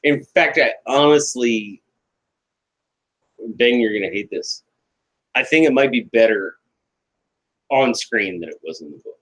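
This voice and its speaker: A man's voice: medium pitch, lively intonation, unhurried, pauses often, fairly bright tone, rough recording. An American man co-hosting a casual podcast, laughing often, retelling scenes with put-on voices and swearing bluntly. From United States. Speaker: podcast co-host.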